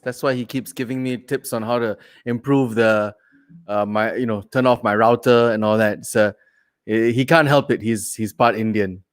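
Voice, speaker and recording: A man's voice: medium pitch, clear, resonant tone. A man hosting a comedy livestream, chatting casually and reading comments. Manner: chatty, laughs between comments. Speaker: host.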